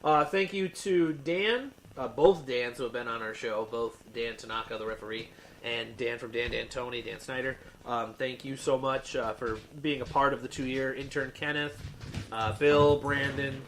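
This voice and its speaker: A man's voice: medium pitch, steady tone, moderate pace, fairly bright tone, a little hiss or hum, low-quality recording. Rambling male podcast host. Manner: rambling, full of fillers and restarts. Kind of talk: casual chat.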